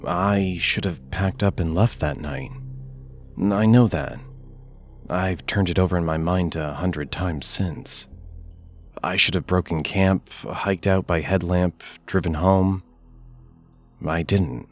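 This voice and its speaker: A man narrating a first-person scary story in a measured, hushed delivery with deliberate pauses. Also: low voice, faint music behind.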